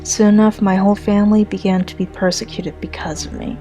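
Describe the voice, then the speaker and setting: A woman narrating a dark first-person pony story in an earnest, slightly halting reading. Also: medium pitch, little pitch movement, soft background music, poor audio.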